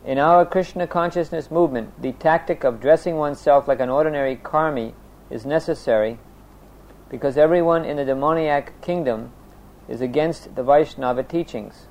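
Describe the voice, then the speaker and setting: A man teaching a religious class, reading a scripture text steadily, then explaining it with pauses and fillers. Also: a little mellow, dull audio. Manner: chants prayers in a low voice.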